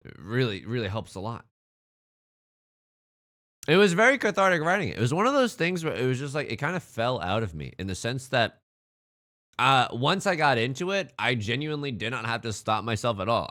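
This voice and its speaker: This man speaks in a medium-pitched, sharp-toned voice during a casual livestream. He eats as he chats, staying upbeat and saying hello to viewers in the chat.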